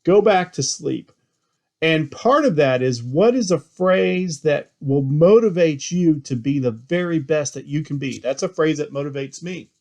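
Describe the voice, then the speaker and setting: Middle-aged man, from Texas, slightly high voice, earnest, casual motivational talk. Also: unhurried. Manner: earnest storytelling, animated when quoting himself. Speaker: business owner giving daily tips. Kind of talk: casual motivational tips to camera.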